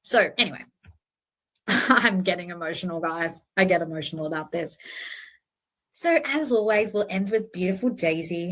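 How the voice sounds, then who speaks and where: A woman's voice: on the low side, fairly bright tone. A woman hosting a true-crime channel, talking casually to her viewers in an earnest, self-correcting way with many fillers.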